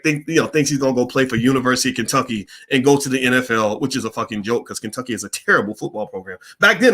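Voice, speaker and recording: A middle-aged man hosting a Q&A stream, telling a story in a blunt, profane, animated way. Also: mid-range voice. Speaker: host of a Q&A stream. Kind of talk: candid storytelling monologue.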